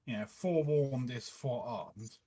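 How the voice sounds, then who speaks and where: A man's voice: mid-range voice, animated, unhurried, mellow. A man playing a tabletop game, laying out his plan hesitantly and trailing off. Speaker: player. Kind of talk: casual table talk.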